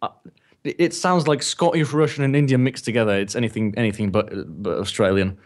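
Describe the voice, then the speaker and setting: A man's voice: mid-range voice, fairly even intonation, brisk. A young man from Slovenia, about eighteen, with a British English accent, bantering playfully as a co-caster on a stream. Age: young adult. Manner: jokey, playful, laughs easily. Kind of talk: casual live stream banter.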